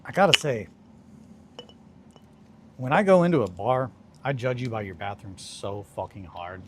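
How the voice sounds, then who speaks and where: A young man streaming a casual chat, telling rambling stories with lots of swearing and sudden bursts of excitement. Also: medium pitch, moderate pace, noisy background.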